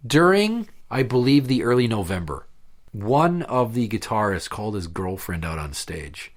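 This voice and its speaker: A man's voice: on the low side, big pitch swings, normal speed. Man hosting, profane sarcastic storyteller. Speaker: podcast host. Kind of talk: casual crude banter.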